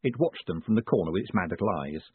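A male audiobook narrator with a very husky, breathy voice and a lively, swooping delivery. The recording is thin and phone-like, and dry with no room sound. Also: low-pitched, fast, no room sound. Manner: lively, expressive storytelling. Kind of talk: scripted narration.

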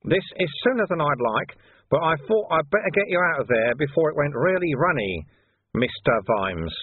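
A man reading an audiobook, voicing a calm, wily older sweeper-monk who teases dryly. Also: a little high, moderate pace, breathy edge, no echo, voice pushed up. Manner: calm, dryly teasing, knowing. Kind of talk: audiobook character voice. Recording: dry tinny phone-like sound.

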